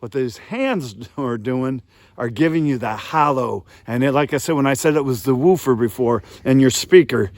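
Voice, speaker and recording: A man's voice: medium pitch, moderate pace, a little mellow, no room sound, clean studio sound. A man teaching a hands-on goose calling lesson outdoors, folksy and emphatic, calling his viewers "guys".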